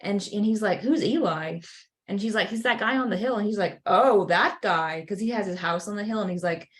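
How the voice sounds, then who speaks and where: This co-host of a casual faith podcast talks fast in a medium-pitched voice. Her storytelling is lively, studded with "like" and other fillers, and she acts out small voices along the way.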